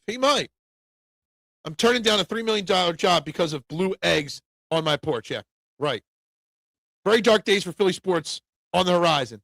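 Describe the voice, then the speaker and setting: A man's voice: sits high, vocal fry, no room sound. A man hosting a casual sports talk show, reading viewer comments and getting opinionated and worked up. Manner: opinionated, gets loud and worked up.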